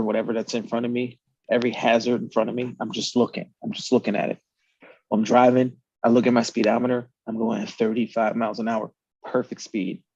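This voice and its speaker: A man telling a story in casual chat, animated and swearing, acting out the quotes. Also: mid-range voice, no room sound, highs cut off. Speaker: podcast host.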